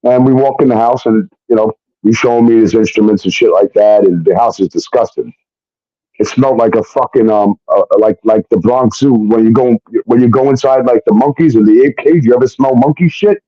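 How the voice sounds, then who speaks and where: Over dull, lo-fi stream audio with no room sound, a man speaks in a mid-range voice at a slightly fast clip. As a show guest, he spins a long story of his own packed with swearing, animatedly performing each character's voice.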